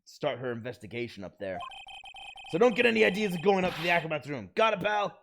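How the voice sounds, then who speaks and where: A man voicing a gruff, folksy police detective from a video game, blustery in tone. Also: on the high side, sing-song, fast talker, fairly bright tone, slight background noise, voice pushed up, exaggerated voice. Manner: blustery, calls people pal. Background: video game music.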